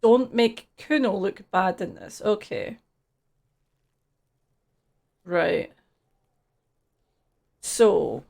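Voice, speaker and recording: A woman's voice: medium pitch, lively intonation, extremely slow, gravelly, pauses often, a little mellow. A woman casually reading game text aloud and chatting through a live gameplay stream, swearing freely.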